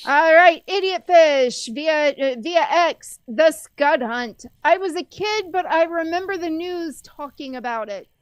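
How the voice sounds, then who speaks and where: A woman's voice: high voice, expressive, dry recording, lo-fi sound. A woman co-hosting a casual livestream, reading out viewer comments and questions. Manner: reads out comments in an unhurried way.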